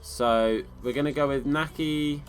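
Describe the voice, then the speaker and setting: A man's voice: fairly high pitch, a little slow. Casual English streamer man chatting. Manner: casual, friendly, calls viewers bro and mate. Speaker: gaming streamer. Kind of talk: live game commentary and chat replies.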